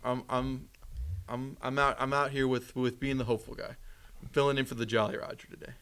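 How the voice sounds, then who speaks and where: A man co-hosting a casual sports podcast, talking fast, repeating himself and jumping up in pitch when he gets worked up. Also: flat delivery, a bit bright, smooth. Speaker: podcast co-host.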